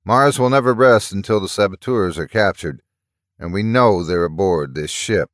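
A man's voice: low-pitched, normal speed, fairly bright tone, dry recording, clean studio sound. A man voicing a stern, menacing male Martian officer who questions prisoners in a cold, commanding way.

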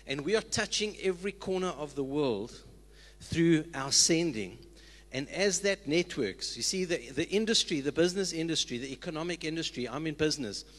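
A man's voice: a little high, fairly bright tone. A man, a church leader, exhorting the congregation earnestly with call-and-response lines. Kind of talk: sermon. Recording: long reverb of a church hall.

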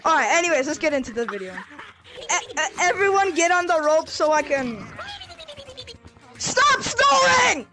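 High-pitched excitable woman host, bossy and repetitive, casual game commentary over music. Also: a little fast. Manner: bossy, excitable, repeats words. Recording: game music playing under voice.

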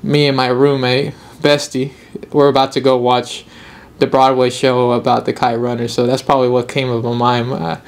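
A man's voice: medium pitch, little pitch movement, normal speed. Upbeat young man hosting a podcast. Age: young adult. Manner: rambling, upbeat, laughs easily. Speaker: podcast host. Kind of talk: casual solo video podcast.

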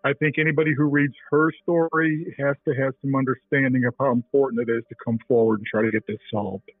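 A man's voice: mid-range voice, steady tone, fast, slightly rough, no echo, faint music behind. A middle-aged reporter telling a story in an interview, acting out his phone calls as he goes. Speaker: TV reporter and author, interview guest. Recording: tinny phone-line sound.

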